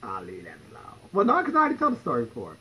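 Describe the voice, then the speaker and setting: A man's voice: mid-range voice, huge pitch swings, rapid-fire, sharp tone, slight background noise, low-quality recording. A man in drag livestreaming from home, telling stories with a blunt, profane, sassy manner. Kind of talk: casual livestream storytelling.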